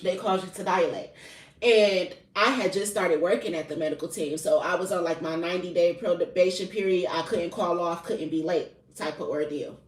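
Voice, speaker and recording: A young adult woman who works as a spiritual reader tells a personal story in a candid, casual, confessional way, swearing heavily. Her lowish voice keeps a steady tone at a moderate pace, and the distant mic picks up a roomy echo.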